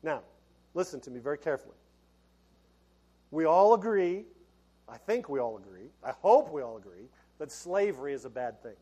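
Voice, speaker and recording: A man's voice: a little high, animated, normal speed, pauses often, mellow, breathy edge. A middle-aged male pastor preaching a sermon in a folksy, conversational way, laughing and restarting as he talks.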